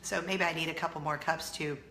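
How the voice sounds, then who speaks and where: A woman from California vlogging in a casual chat to the camera, with a slight Southern drawl and a voice hoarse from a cold. She talks in a chatty, self-mocking way and laughs often. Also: low-pitched, fairly even intonation, brisk, echoey room, very noisy. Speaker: vlog host.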